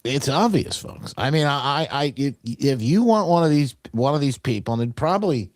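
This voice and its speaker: A man's voice: mid-range voice, normal speed, no echo, studio quality. A male talk show host giving opinionated political commentary in a mocking way, full of restarts. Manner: mocking, animated, trailing restarts.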